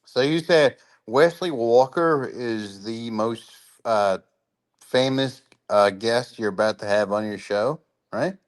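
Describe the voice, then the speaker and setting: A man's voice: mid-range voice, slow pace. A man calling in as a guest on a casual sports talk show, bantering playfully. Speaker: call-in guest.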